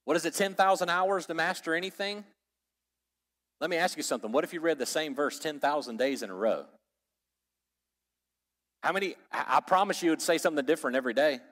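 A man's voice: on the high side, a little fast, pauses often, a bit bright. Man preaching in a reverberant hall. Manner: conversational, asks the audience questions, jokes. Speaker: pastor or Bible teacher. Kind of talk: teaching sermon.

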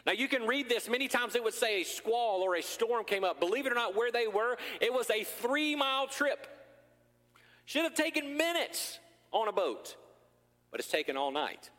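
A man preaching a sermon as pastor, animated and joking, acting out scenes from the story. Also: extremely high pitch, moderate pace, in a large hall.

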